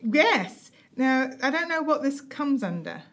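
A middle-aged woman, co-hosting a casual chat, talking quickly and laughing easily. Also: sits high, sing-song, a bit bright. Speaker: podcast co-host.

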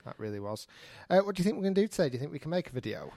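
A man's voice: a little high, big pitch swings, rapid-fire, vocal fry, mellow, no echo, clean studio sound. A man hosting a golf podcast in casual chat, joking and laughing often. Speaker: podcast host.

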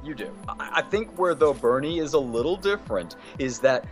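A man co-hosting a casual political chat, playful and quick to slip into voices. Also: medium pitch, animated, faint music behind. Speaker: podcast co-host.

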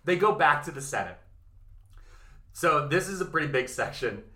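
Animated, profane man telling history. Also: on the high side, normal speed, echoey room. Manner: profane, animated retelling with modern workplace analogies. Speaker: podcast co-host. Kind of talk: casual comedic history storytelling.

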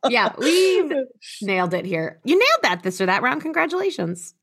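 A woman's voice: on the high side, very animated, moderate pace, creaky, fairly bright tone, breathy edge. A woman from Miami with a general American accent, hosting a podcast in a chatty, bubbly way. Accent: general American (mid-Atlantic). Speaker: podcast host. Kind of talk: casual podcast interview.

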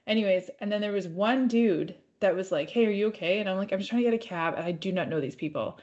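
A woman's voice: mid-range voice, quick pace, a little mellow, lo-fi sound. A woman co-hosting a podcast from home, telling a story in a rambling, casual way and swearing freely. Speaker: podcast co-host.

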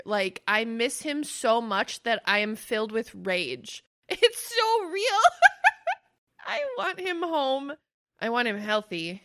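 A woman's voice: on the high side, sharp tone. A young woman co-hosting a casual podcast chat, swearing freely and laughing often as she talks. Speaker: podcast co-host.

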